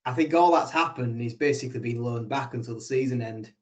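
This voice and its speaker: A man chatting on a sports podcast in a wry, teasing way, laying out his theories calmly. His voice sits at an ordinary male pitch. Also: brisk. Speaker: podcast co-host. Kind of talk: casual chat.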